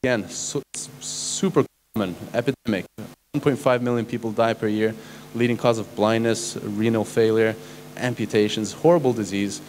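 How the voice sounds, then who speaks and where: A man's voice: on the low side, steady tone, moderate pace, a little mellow, a little hiss or hum. A man, a doctor, giving a lecture to a live audience in a conversational way, often tossing questions and "right?" at listeners. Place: conference hall stage.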